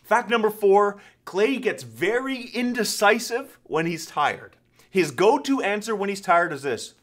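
Animated high-voiced man preaching. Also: moderate pace. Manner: animated, storytelling, self-correcting. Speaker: pastor. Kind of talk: sermon-style talk.

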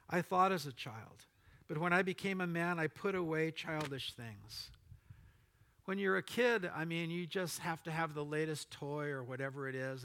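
A man's voice: a little high, fairly bright tone. A middle-aged man preaching a sermon as pastor, reading Bible verses aloud and adding casual asides to his congregation.

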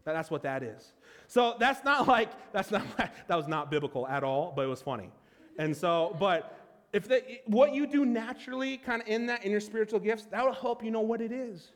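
High-voiced pastor in a reverberant hall. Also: male voice. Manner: animated, with quick restarts and playful asides. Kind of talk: conversational sermon.

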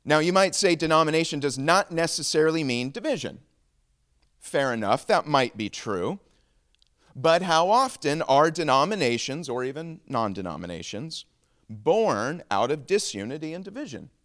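A man's voice: fairly high pitch, sing-song, normal speed, a bit bright. A man preaching a sermon as pastor, moving from prayer into a joke and teaching. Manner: prays then tells a joke with acted voices.

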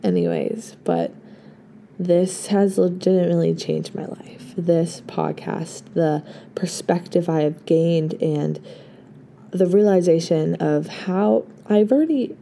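A hoarse young woman in her late teens, a podcast host giving an earnest, effusive farewell full of thanks. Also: lowish voice, animated, slow pace, warm tone, slight background noise. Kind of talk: casual heartfelt farewell talk.

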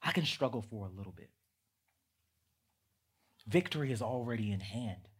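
A man in his thirties preaches a sermon in a husky, slightly breathy voice. He talks casually, like he is chatting with the congregation, then climbs to loud, emphatic peaks. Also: fairly low pitch, animated, normal speed. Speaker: pastor.

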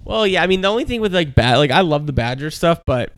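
A man's voice: fairly high pitch, lively intonation, fast, clean tone, no echo, studio quality. Rambling thirties guy, casual sports chat. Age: 30s. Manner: rambling, heavy use of "like". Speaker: podcast co-host.

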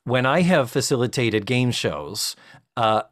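A man's voice: mid-range voice, lively intonation, a little slow. A man co-hosting a podcast in casual comedic chat, explaining things earnestly and laughing often. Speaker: podcast co-host.

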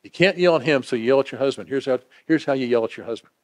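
A man preaching a sermon, swinging from emphatic declarations to hushed, intimate asides. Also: medium pitch, quick pace, hardly any pauses.

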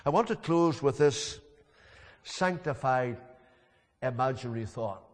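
A man preaching a sermon from the pulpit in a solemn way, often letting his phrases fall away softly. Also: mid-range voice, lively intonation, measured pace. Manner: solemn, with falling phrase endings. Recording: long echo in a large hall.

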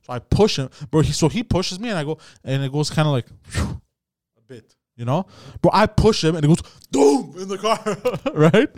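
A man casually telling a story on a podcast, acting out shouted quotes with lots of swearing and "bro". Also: fairly high pitch, expressive, brisk, no room sound, clean studio sound. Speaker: podcast host.

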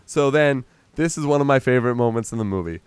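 A man's voice: mid-range voice, quick pace, clear, resonant tone, no room sound. Casual man recapping a film. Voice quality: animated retelling, acts out characters in a raised voice, swears. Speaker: podcast co-host. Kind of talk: casual movie recap chat.

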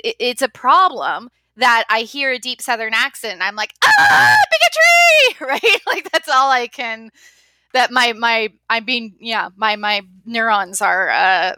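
Woman interviewer, lively and chatty; high, bright voice, dry close sound. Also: no echo. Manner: animated, chatty, laughs easily. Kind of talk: casual interview conversation.

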